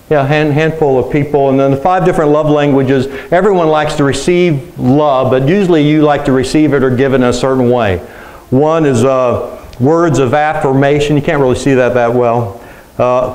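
A man's voice: on the high side, a little mellow, poor audio. A middle-aged man, a pastor, preaching a sermon to a congregation, telling personal stories in a conversational way and asking the room questions.

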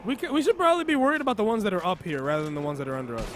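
A man's voice: high-pitched, very fast. A young man from New York streaming a co-op game, joking and swearing with a friend. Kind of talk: casual gaming chat. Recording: noisy stream audio.

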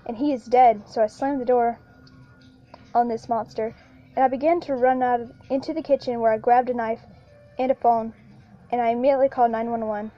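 Woman, horror story narration, halting with restarts, faint music underneath, lo-fi. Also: a little high, fairly even intonation. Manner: halting, with frequent restarts and repeated lines. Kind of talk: first-person horror story reading.

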